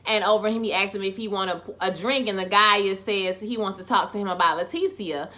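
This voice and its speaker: A woman giving a sassy, expressive, profane recap of a TV episode. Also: medium pitch, a little fast. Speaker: TV recap vlogger.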